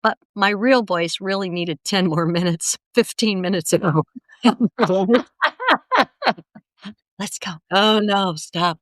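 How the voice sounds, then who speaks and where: A woman's voice: medium pitch, slow, pauses often, no room sound, studio quality. A woman co-hosting a podcast in casual chat, agreeable and chuckling along. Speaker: podcast co-host.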